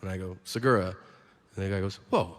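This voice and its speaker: A man performing a stand-up comedy set, telling stories in a brash, profane, animated way, recorded in an echoey live hall with noise behind. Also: low voice, quick pace.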